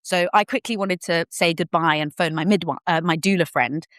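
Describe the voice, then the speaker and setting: Podcast guest: young woman, low-pitched, dry close sound, candid and animated storyteller who slips into quoted voices. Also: fairly quick, no room sound. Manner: animated storyteller who acts out what people said; candid, casual, occasional swearing. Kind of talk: personal birth story told in conversation.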